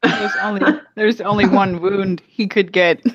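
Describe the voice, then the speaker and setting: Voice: mid-range voice, lively intonation, takes it slowly, a bit bright, no echo. A young adult playing a tabletop game, talking hesitantly with many ums and laughs. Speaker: player. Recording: dull, dry lo-fi recording.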